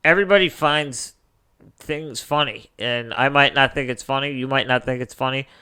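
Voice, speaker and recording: A young man co-hosting a casual podcast chat, animated and swearing freely as he retells movie scenes. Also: medium pitch, moderate pace, smooth. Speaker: podcast co-host.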